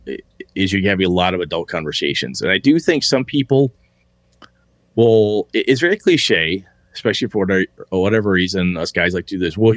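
A man's voice: lowish voice, fairly bright tone, no room sound. A man hosting a casual podcast about tabletop gaming, talking candidly, swearing freely and laughing often. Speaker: podcast host.

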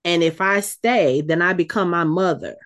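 A woman co-hosting a casual chat, retelling a scene with lively, acted-out quotes. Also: lowish voice, moderate pace. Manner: animated storytelling, acts out quotes. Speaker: podcast co-host recapping a TV episode.

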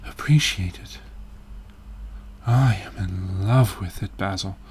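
A man's voice: low-pitched, slow pace, darkish tone, a little hiss or hum, voice pushed down. A vain, brooding young man, as a man reading aloud puts him on, speaking with intense and declamatory passion. The voice stays close to the reader's own, delivered in an impassioned storybook manner.

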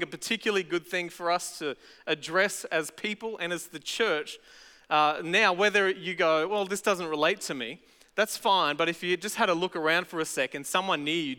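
A man's voice: high voice, sharp tone, clean tone. A man with an Australian accent preaching a sermon as pastor, talking in a chatty, conversational way with casual asides. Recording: echoey hall.

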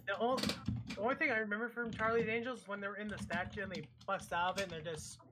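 Man, fast crude rambler, noisy background on his mic. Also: high-pitched, steady tone. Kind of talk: casual chat. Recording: background noise.

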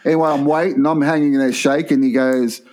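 A man's voice: a little high, fairly even intonation, a little fast, darkish tone. A man telling rambling stories in casual sports banter, swearing freely.

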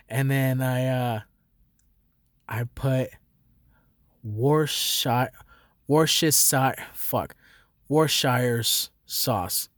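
A young man talking casually at a middle pitch, rambling and swearing freely as he gets excited and laughs along the way. The sound is close and dry, with no room around it. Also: no echo. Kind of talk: casual chat.

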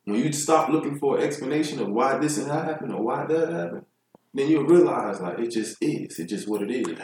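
A man's voice: medium pitch, animated, a little fast, darkish tone. A man speaking reflectively and philosophically in casual podcast chat. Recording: echoey, distant from the mic.

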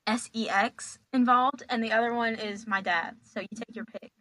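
A woman's voice: a little high, fairly even intonation, moderate pace, a bit bright, dry recording. A young woman telling stories as a podcast guest, chatty and dramatic, laughing as she goes. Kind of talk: casual storytelling.

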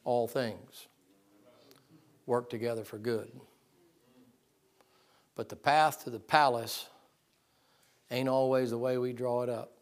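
A preacher delivers a sermon in a folksy, emphatic storytelling voice. He is plainspoken and self-deprecating, with a middling pitch. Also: fairly even intonation, slow pace, long pauses.

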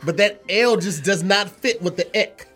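A man playing a word game with a friend, joking around and sounding out hard words slowly. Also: high voice, sharp tone, soft background music. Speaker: game show contestant and host. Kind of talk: casual banter on a word game.

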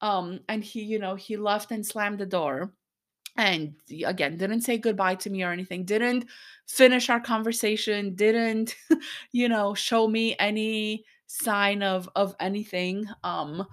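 A podcast host vents to her listeners in a personal monologue, angry, worked up, and frustrated. Her mid-range voice holds a steady tone as she talks in bursts with quick asides.

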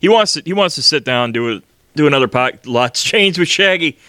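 A man's voice: fairly high pitch, animated, fairly quick, sharp tone, no room sound. A young man co-hosting a podcast, blunt and crude, swearing constantly in casual chat. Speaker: podcast co-host.

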